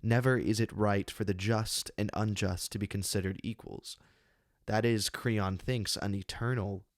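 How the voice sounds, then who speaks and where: Guy reading out his essay on an old greek play, lowish voice, slow careful pauses, dry close mic. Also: no room sound. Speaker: channel host giving a literary analysis. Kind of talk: read essay on a classic play. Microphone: close studio microphone.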